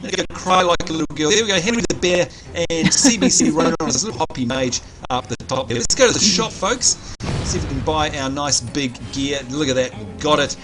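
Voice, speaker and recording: A man, co-hosting a live game stream and chatting excitedly to viewers. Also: fairly high pitch, brisk. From New Zealand. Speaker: livestream co-host. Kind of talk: live gaming commentary. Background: game music.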